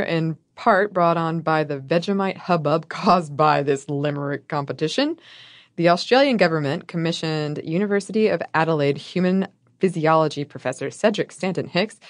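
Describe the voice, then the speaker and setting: Sex: woman. Role: podcast co-host. Style: scripted history storytelling. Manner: wry and playful. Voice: lowish pitch. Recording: dry and close. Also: no echo. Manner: wry, playful, laughs often.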